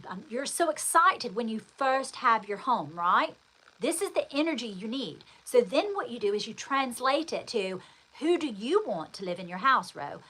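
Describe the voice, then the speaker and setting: Bright-voiced woman telling a rambling story. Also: fairly high pitch, slightly rough, rough recording. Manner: chatty, rambling, addresses the listener directly with endearments. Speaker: host. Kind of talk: casual storytelling chat.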